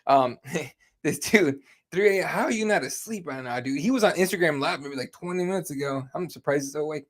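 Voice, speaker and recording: An easygoing man from Arizona co-hosts a casual podcast and reads out viewer comments. His voice sits slightly high, and he agrees readily and laughs often. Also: a little fast. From Arizona, USA. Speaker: podcast co-host reading live chat.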